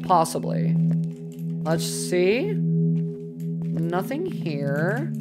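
Animated young woman streamer, swearing. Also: lowish voice, drawn-out words, over loud music. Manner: animated, swearing, dramatic scared outbursts. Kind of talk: live gameplay commentary.

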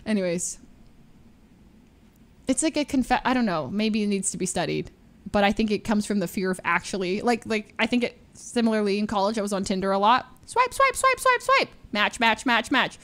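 A young adult woman streamer telling stories in casual chat, animated and full of fillers, acting out the voices she quotes. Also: mid-range voice, fairly quick.

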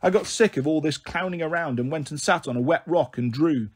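A man reading a novel aloud in an expressive storybook style, giving voice to the characters' dialogue. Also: on the high side, a little fast. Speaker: audiobook reader.

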